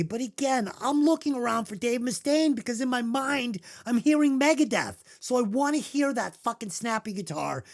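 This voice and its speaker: A podcast co-host in casual chat, swearing freely and sarcastic about the music. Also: mid-range voice. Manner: profane, animated, sarcastic. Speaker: podcast co-host reviewing albums.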